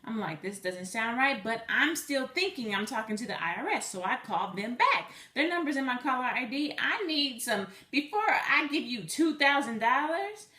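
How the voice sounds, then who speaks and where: An animated woman tells a personal story straight to her viewers and acts out both sides of the exchange. Her voice sits a little high and comes across sharp and bright. The sound is roomy and echoey, with clear reverb around her. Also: normal speed, few pauses. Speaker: vlogger.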